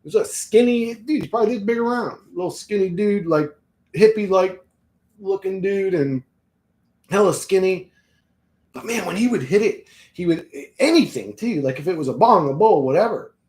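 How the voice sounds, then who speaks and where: A man's voice: sits high, animated, moderate pace, a little mellow. A man in his thirties rambling casually, tired and swearing freely, with frequent laughs. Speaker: vlogger. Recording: echoey room.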